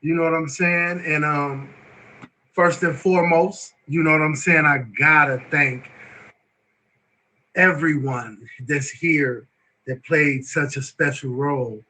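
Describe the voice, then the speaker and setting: A man hosting a live show, excitable and emotional, repeating words and filler phrases as he talks. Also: on the high side, takes it slowly, low-quality recording. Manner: excitable, emotional, repeats words and "you know what I'm saying". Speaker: host.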